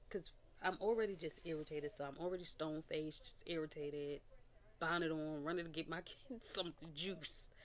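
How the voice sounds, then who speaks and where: A young adult woman sharing a candid personal testimony as a casual vlog, talking animatedly and acting out what people said. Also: sits low. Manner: candid and animated, with quoted voices and little laughs. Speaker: vlogger.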